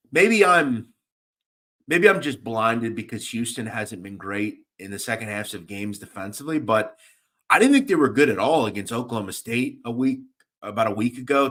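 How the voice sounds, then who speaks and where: A young man talks through basketball betting picks in a loose, animated way, riffing between games and calling out to listeners in the chat. His voice sits at an ordinary middle pitch, and his talk is casual and full of fillers. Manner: animated, chatty, shouts out chat viewers. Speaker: sports betting radio host.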